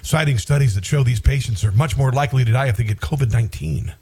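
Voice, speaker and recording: A man's voice: medium pitch, quick pace, a little mellow, husky. A man hosting a political talk show, delivering an indignant, rambling commentary monologue with frequent restarts and bursts of outrage.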